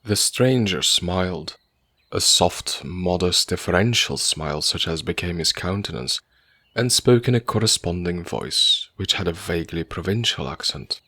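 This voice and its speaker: Male narrator, low pitch, measured storytelling, dry close-miked audiobook sound. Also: expressive, fairly bright tone, dry recording.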